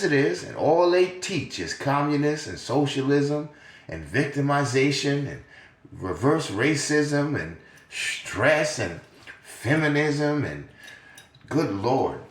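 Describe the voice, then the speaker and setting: Older male podcaster, lively swooping delivery, cussing and chuckling, echoey room. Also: mid-range voice. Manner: animated, profane, laughing often. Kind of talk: casual podcast monologue. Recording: roomy echo.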